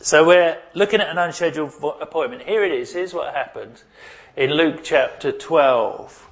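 A man's voice: fairly high pitch, moderate pace. A pastor preaching a sermon and praying, talking conversationally and asking his congregation questions. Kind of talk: sermon with prayer.

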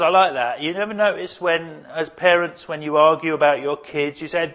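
Emphatic preacher, fairly high voice. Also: male voice, moderate pace, few pauses, a bit bright. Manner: emphatic, rhetorical questions to the congregation. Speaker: pastor. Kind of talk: sermon.

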